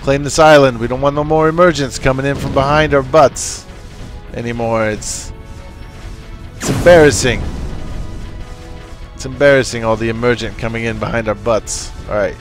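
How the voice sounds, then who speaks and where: A man's voice: medium pitch, steady tone, normal speed. A man casually commenting on his strategy game, bossing his units around and joking with them. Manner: goofy, talks to his units. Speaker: gameplay commentator. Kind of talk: casual let's play commentary. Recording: faint game music and artillery behind.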